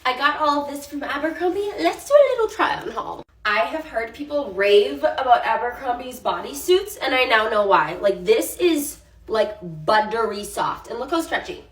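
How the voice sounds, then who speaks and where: A woman's voice: high-pitched, fairly bright tone, distant mic. A woman in her twenties doing a playful, bubbly try-on haul vlog. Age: 20s. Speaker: lifestyle creator. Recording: echoey room, off-mic, faint hiss.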